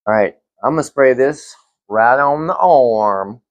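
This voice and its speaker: A young man reviewing fragrances in a casual vlog, relaxed and rambling with lots of fillers. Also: medium pitch, measured pace, no room sound.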